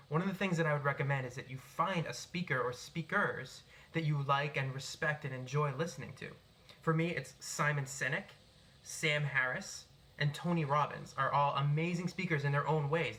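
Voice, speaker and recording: Bright, projecting young man from Boston. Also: fairly high pitch. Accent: neutral American, Boston traces. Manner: projected, animated delivery. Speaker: self-help speaker. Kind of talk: unscripted tips video. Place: his apartment. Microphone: cell phone, no microphone.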